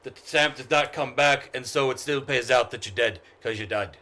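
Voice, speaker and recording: A man's voice: medium pitch, normal speed, pushed and bright. A man voicing a large, laconic male bartender who answers curtly. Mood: matter-of-fact. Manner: curt, answers with "aye".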